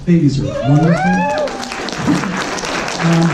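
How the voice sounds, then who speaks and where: A man in his thirties giving a heartfelt, self-deprecating speech to his class reunion, halting with fillers, recorded from far off in a hall. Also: a little high, animated, a crowd in the background, background noise. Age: 30s. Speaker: reunion speaker.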